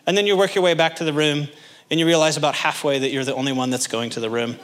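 A man's voice: fairly high pitch, very fast. A pastor preaching to his congregation, asking them direct questions and acting out little scenes in voices. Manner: animated, acts out little scenes in character voices. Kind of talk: sermon.

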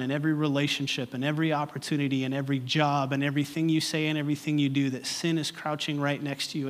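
A male pastor delivering a sermon in a rhythmic, repetitive preaching cadence that builds from quiet reflection to impassioned exhortation. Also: a little high.

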